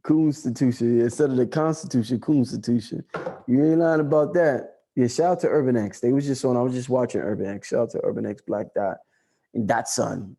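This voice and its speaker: Loose, profane New man, mellow voice. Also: brisk, creaky. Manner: loose, profane, repeats lines for emphasis, rises to excited highs. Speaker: livestream host answering chat. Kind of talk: casual livestream chat.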